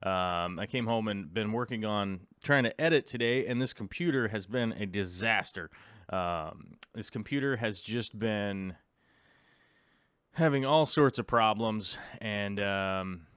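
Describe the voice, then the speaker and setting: A man's voice: lowish voice, a little slow, a bit bright, smooth, no room sound, clean studio sound. Tired, rambling male stream host. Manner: rambling, restarts often, chats with viewers and dog. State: tired, jet lagged. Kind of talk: casual live stream chat. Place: home.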